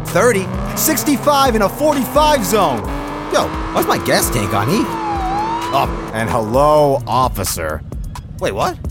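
A swooping, reckless surfer-dude driver. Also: male voice, sits high, full character voice. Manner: laid-back surfer slang, swooping excitable delivery. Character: reckless carefree young male speeding driver. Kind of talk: radio ad acting. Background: music.

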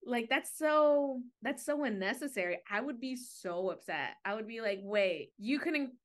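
A woman's voice: on the high side, normal speed. A woman co-hosting a casual podcast, talking chattily and filling her sentences with "like". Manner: chatty, many "like" fillers. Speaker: podcast co-host.

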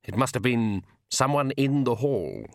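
A man voicing an aristocratic male vampire count who speaks slowly with heavy, condescending patience. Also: mid-range voice, big pitch swings, gravelly, no room sound, clean studio sound.

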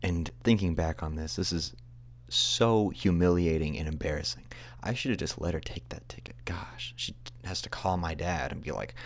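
Deep-voiced young man rambling through a story. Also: moderate pace. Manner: rambling, self-deprecating, laughs often. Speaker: podcast host. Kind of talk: casual storytelling.

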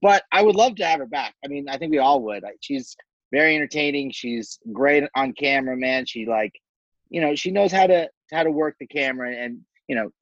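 Male podcast co-host, slightly high voice, easygoing slangy chat, dry dull recording. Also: fairly bright tone, no echo. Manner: laid-back, slangy, frequent fillers. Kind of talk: casual reality TV recap chat.

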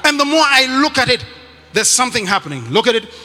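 High, bright-voiced preacher man. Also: big pitch swings, fast, big-room sound. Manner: emphatic, often shouting, repeats phrases to the congregation. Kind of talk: sermon.

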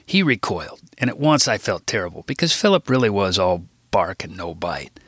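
A man reading his own book aloud in a wry, deadpan narration. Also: low-pitched, moderate pace, husky, dry recording, clean studio sound. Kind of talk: audiobook narration.

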